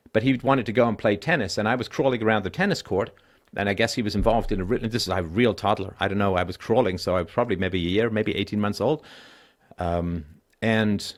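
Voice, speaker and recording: A middle-aged man hosting a call-in show, telling personal stories bluntly and with profanity, dropping low and weary, then rising loud and emphatic.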